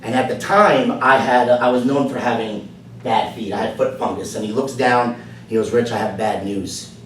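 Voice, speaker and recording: A man's voice: mid-range voice, moderate pace. Man telling a personal story in an echoey room. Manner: earnest storytelling, dropping soft then building to emphatic. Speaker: club speaker. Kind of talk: prepared personal speech. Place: meeting room. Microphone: far camera. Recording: echoey room from far off, faint noise.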